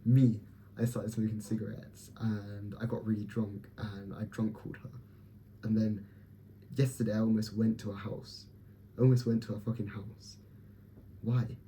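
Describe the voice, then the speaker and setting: Young male vlogger, low, very dark and mellow voice, blunt and profane, talking himself up straight to camera. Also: flat delivery, moderate pace, a little hiss or hum. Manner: blunt, profane, self-motivating pep talk. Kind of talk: candid personal vlog.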